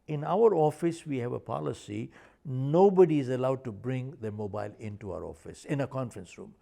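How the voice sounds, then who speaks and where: A man's voice: mid-range voice, brisk, creaky, dark tone. An older man, an author and speaker, telling stories in an interview and driving his points home by repeating them. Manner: emphatic, repeats points for stress. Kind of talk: animated interview storytelling.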